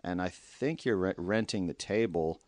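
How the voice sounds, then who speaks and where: Deep-voiced rambling guest. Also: male voice, moderate pace, noisy background. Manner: rambling storyteller. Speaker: podcast guest, actor. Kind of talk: casual chat.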